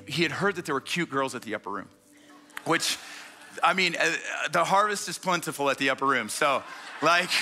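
A man preaching a sermon in a church, telling stories with energy and quick repeated restarts. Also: on the high side, pushed and bright. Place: church stage before a congregation.

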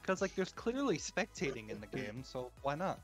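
A man's voice: on the high side, sing-song, normal speed. A man streaming an online game, chatting casually with friends and laughing often. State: hiccups. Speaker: gaming streamer. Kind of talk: casual gaming chat. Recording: faint game music behind.

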